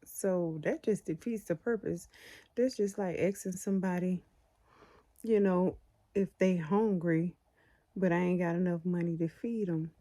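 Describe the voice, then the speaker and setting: A woman's voice: on the low side, unhurried, mellow. A woman casually telling a personal faith testimony, rambling and conversational with frequent fillers and restarts. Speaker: Christian storyteller sharing a testimony.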